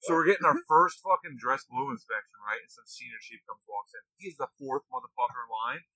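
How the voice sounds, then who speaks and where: A young man telling stories in casual chat, profane and animated, acting out the voices of the people he quotes. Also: medium pitch, fairly quick, slightly rough, no echo, low-quality recording.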